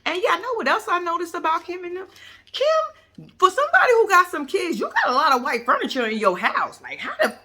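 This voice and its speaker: A woman's voice: extremely high pitch, very animated, brisk, sharp tone. A woman giving casual, unscripted commentary as a vlogger, blunt and profane, rambling and cutting herself off as she talks straight to her viewers. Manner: rambling, with self-interruptions. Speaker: vlogger reviewing a reality show.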